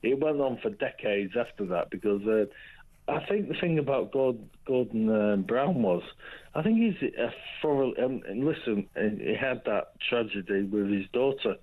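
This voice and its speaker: A man's voice: mid-range voice, animated, normal speed. A man calling in to a radio show, chatty, jokey and meandering. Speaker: caller. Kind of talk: casual phone-in chat. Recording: tinny phone line.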